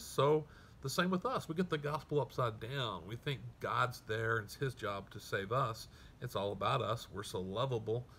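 A man preaching a sermon, reading scripture aloud and explaining it in an earnest, emphatic way that drops soft at grave points. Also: mid-range voice, slight background noise. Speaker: pastor.

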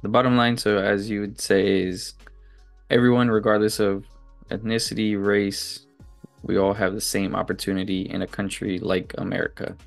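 A man summing things up in a measured, casual way during an interview. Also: fairly low pitch, little pitch movement, gravelly, faint music behind.

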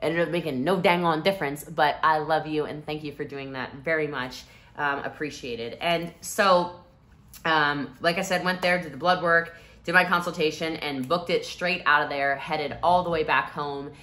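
Low-voiced woman telling a story, bright and forceful. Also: normal speed. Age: 30s. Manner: animated and expressive, swinging from hushed to loud, breaks into laughter. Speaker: vlogger. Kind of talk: emotional personal storytelling to camera.

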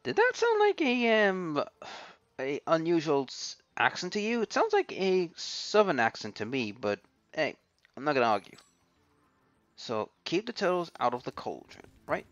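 A man's voice: a little high, expressive, moderate pace, a bit bright, no echo, highs cut off. A man casually commenting while playing a video game, chatting to the characters and grumbling now and then. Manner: chatty, talks to game characters, mild swearing. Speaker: let's play host. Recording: voice with game music underneath.

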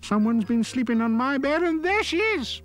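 A man's voice: very high-pitched, sing-song, normal speed, faint music behind, pitched above the performer's own voice. A man voicing a tearful little baby bear cub in a storybook reading. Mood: wailing. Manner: crying, wailing. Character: tiny tearful baby bear, young male.

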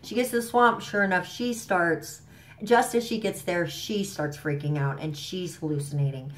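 A woman's voice: fairly low pitch, normal speed. A woman vlogger casually recapping a TV episode, rambling with slang and fillers, a bit stuffy from allergies, at home. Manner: chatty, rambling, enthusiastic, with frequent fillers and slang.

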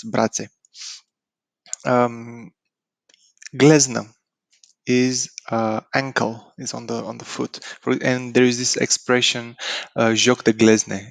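A man with a Romanian accent, a native Romanian speaker, teaching vocabulary in an informal lesson, slow and halting with many ums and uhs. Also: medium pitch, creaky, no echo. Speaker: language teacher.

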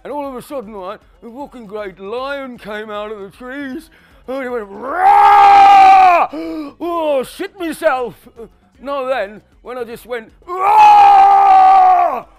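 A man's voice: very high-pitched, a little slow, lo-fi sound, a faint crowd. A man doing a stand-up impression of a famous rock singer as a mumbling, stammering older man with slurred speech. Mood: rambling.

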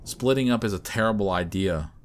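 A man's voice: on the low side, a little fast, slight background noise, close to an everyday voice. A man doing a wary young brother.

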